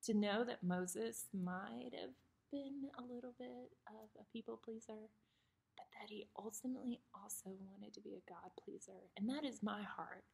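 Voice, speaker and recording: Husky, gravelly-voiced woman giving a chatty devotional. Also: medium pitch, normal speed, darkish tone. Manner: chatty, personal, filler-laden. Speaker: devotional speaker. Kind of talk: casual devotional talk.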